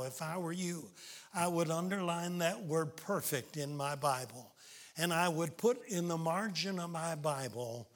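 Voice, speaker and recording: Middle-aged preacher guy, slow and deliberate, a bit high voice, folksy stories and scripture reading. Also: fairly bright tone. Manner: folksy storytelling preacher, reads scripture in old-style wording. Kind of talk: sermon.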